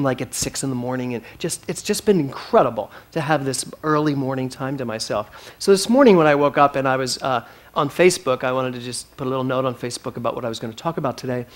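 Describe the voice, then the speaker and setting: A man's voice: medium pitch, a bit bright. A man minister giving a sermon, chatty and personal, building to emphatic peaks.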